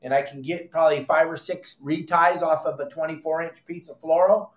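A middle-aged man with a slightly high voice, teaching fishing technique with emphatic, repeated commands. He goes off on exasperated asides. The room around him sounds echoey. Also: steady tone, a little fast. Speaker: fishing podcast host. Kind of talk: animated how-to fishing talk.

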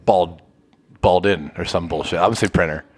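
Young male podcast co-host, low voice, loose and profane. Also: normal speed, breathy edge. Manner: crude, loose, joking. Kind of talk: casual chat.

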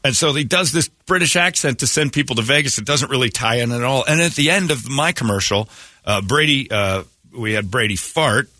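A man hosting a radio show, ranting and teasing in animated, casual talk from a studio. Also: medium pitch, a little fast. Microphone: studio microphone.

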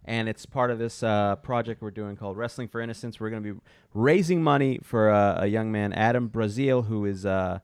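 Wrestling promoter guy plugging his show, earnest, lowish smooth voice, dry close mic. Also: fairly quick, dry recording. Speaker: podcast co-host and wrestling promoter. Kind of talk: casual chat.

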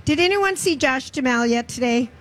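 A woman's voice: high-pitched, animated, moderate pace, poor audio. A woman co-hosting a radio show, chatting casually and teasing her co-host. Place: fair broadcast booth.

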